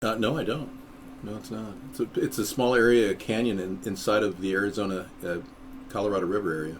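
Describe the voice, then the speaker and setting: Low-voiced, rambling man chatting casually. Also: steady tone, fast, slight background noise. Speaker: third-party presidential candidate hosting a live stream. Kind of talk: casual live-stream chat.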